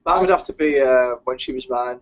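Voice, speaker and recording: A man's voice: medium pitch, brisk, background noise. A young man from England in a band, chatting casually and joking in a hotel room. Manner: jokey, laughs often. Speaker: band member. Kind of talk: casual chat.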